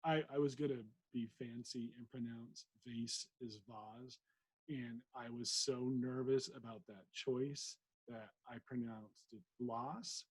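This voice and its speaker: Husky man reading a novel with chatty asides. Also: mid-range voice, steady tone, measured pace, hardly any pauses, low-quality recording. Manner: self-deprecating, chatty asides. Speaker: podcast host reading a novel aloud. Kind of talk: casual reading with commentary.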